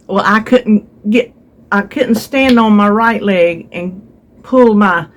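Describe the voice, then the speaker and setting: A woman chatting to her viewers, retelling a therapy visit with voiced quotes, recorded at home on a phone. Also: medium pitch. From North Carolina. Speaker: vlogger. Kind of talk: casual storytelling to viewers.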